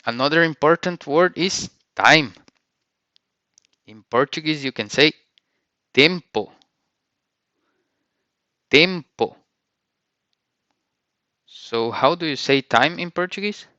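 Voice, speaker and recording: A male language teacher works through a vocabulary lesson, pronouncing each word and then carefully repeating it. His voice sits on the high side, bright and forceful, and he speaks slowly with long pauses. It sounds dry and close with no room sound, though the recording is dull and slightly lo-fi.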